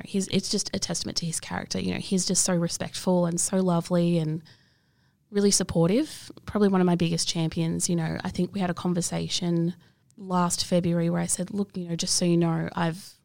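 A young woman recounts her life candidly, earnest and emotional, trailing into fillers. Her voice sits fairly low and carries a gravelly fry. It is recorded close and dry. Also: level tone, fairly quick, a little mellow, no echo. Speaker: interview guest. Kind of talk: candid personal interview.

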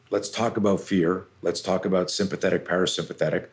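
A man's voice: low voice, steady tone, fairly quick, hardly any pauses, a little hiss or hum. A middle-aged man, a self-defense coach, telling stories intensely and animatedly as a podcast guest, with casual swearing. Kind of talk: podcast interview storytelling.

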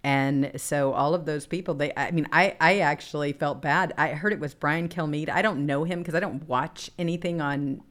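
An indignant woman hosting a casual political chat show, reacting to quotes with outrage and laughter. Her voice sits very low for a woman. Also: moderate pace, few pauses, a bit bright. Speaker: host.

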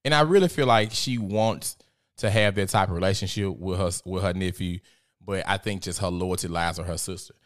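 A man's voice: low voice, a little fast. Profane, gossipy male commentator. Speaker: commentary host. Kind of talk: casual commentary.

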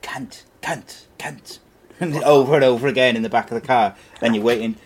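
A man's voice: mid-range voice, fast, a crowd in the background. Man in his 40s, easygoing podcast co-host, loose storyteller with frequent laughs. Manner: rambling storyteller, laughs often. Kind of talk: casual chat.

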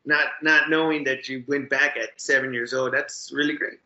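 A man's voice: mid-range voice, steady tone, normal speed, bright, forceful tone, echoey room, lo-fi sound. A man co-hosting an interview, chiming in with upbeat, encouraging remarks. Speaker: co-host. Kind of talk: casual interview chat.

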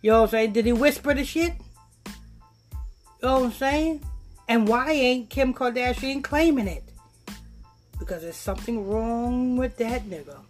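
A man hosting a podcast, ranting and mocking in a loud, profane way and laughing at his own jokes. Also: very high-pitched, a little slow, long pauses, faint music behind. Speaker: podcast host. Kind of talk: ranting commentary on played clips.

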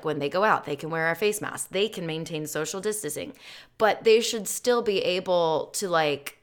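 A woman co-hosting a podcast, chatting casually and laughing often as she passes on what a friend told her. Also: fairly low pitch. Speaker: podcast co-host. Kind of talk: casual chat.

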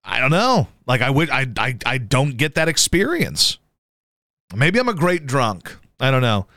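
A man hosting a radio show, chatting casually about sports in a profane, animated way and jumping into high yelps to mimic people. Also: a little slow, dry recording, clean studio sound. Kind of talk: casual sports talk banter.

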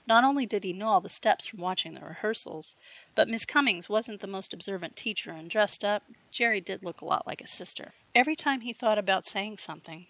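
A woman reading a fiction audiobook with steady storytelling narration. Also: medium pitch, no echo, rough recording.

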